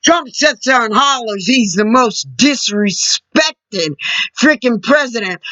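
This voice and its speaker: Woman, angry rant, cursing, lively pitch, slow deliberate pace, dull lo-fi sound. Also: no room sound. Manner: furious, profane, shouting at times. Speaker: vlogger.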